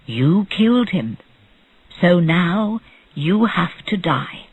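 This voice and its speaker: An audiobook narrator voicing a stern, weary male judge in a slow storybook reading. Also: mid-range voice, animated, husky, dull audio.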